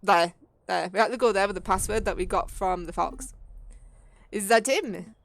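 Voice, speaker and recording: A woman's voice: medium pitch, moderate pace, vocal fry. A woman casually commenting on a game she plays through, chatty and giggly in her asides. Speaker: let's-play host. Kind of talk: casual game playthrough commentary, reading all parts.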